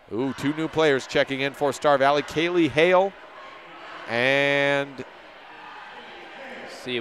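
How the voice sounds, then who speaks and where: Brisk local radio basketball announcer, man. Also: on the high side, fairly bright tone, a little hiss or hum. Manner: brisk play-by-play, corrects himself on names. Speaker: play-by-play announcer. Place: gym at a high school game.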